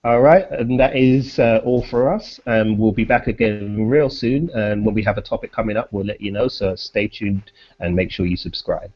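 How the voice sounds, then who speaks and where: A man co-hosting a casual podcast, signing off in a relaxed, rambling way full of fillers. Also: on the low side, moderate pace. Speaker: podcast co-host. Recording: dull lo-fi audio.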